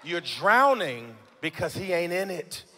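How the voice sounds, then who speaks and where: A man preaching a live Sunday sermon in a church, calling out to the congregation and swinging from low, close talk to impassioned shouting. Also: very animated, a little slow, a faint crowd, slight background noise. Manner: addresses congregation members directly. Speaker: pastor. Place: church sanctuary before a congregation.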